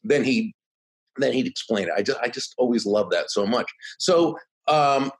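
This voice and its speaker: A man in his sixties, a podcast guest, telling stories in an animated way and acting out quotes. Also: mid-range voice, moderate pace, low-quality recording. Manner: animated, does voices when quoting others. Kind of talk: conversational storytelling.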